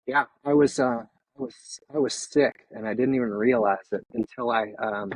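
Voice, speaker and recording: Husky-voiced emotional man, halting speech. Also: medium pitch, rough recording. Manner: emotional, halting, many pauses and restarts. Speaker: retired firefighter guest. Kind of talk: candid personal interview.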